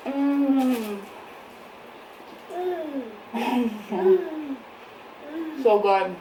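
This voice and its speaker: A woman's voice: a little high, expressive, extremely slow. A young woman chatting casually in a mukbang vlog, laughing often and talking between bites at home. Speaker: vlogger. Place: home, indoors. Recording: echoey room, faint background noise.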